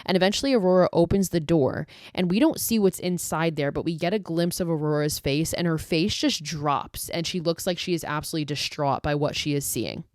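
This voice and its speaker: Woman host, lowish voice, dry close mic, casual film recap with swearing rants. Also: a little fast, hardly any pauses, no room sound. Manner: profane, exasperated asides; filler-heavy retelling with 'like'. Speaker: podcast host.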